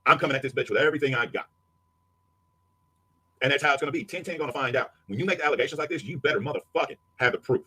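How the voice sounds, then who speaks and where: Fast-talking husky man ranting angrily. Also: mid-range voice. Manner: profane, aggressive, shouting insults. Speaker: livestreamer. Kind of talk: angry rant.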